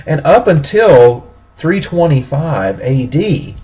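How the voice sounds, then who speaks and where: A man giving a recorded history lecture, explaining steadily with pauses and small self-corrections. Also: fairly high pitch, big pitch swings, dark tone, husky, soft background music, rough recording.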